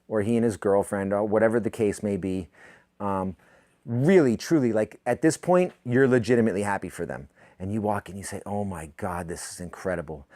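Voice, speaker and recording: A man in his thirties hosting a podcast, delivering a profane, sardonic comedic rant that jumps up in pitch when he gets worked up. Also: a little mellow, no room sound, studio quality. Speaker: podcast host.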